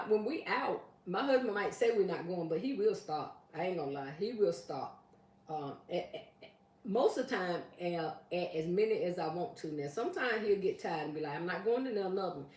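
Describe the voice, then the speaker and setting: A woman's voice: lowish voice, animated, fairly quick, darkish tone. A woman hosting a casual livestream, reading out viewer comments and teasing her regulars by name in a chatty, playful way. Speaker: livestream host. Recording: roomy, mic at a distance.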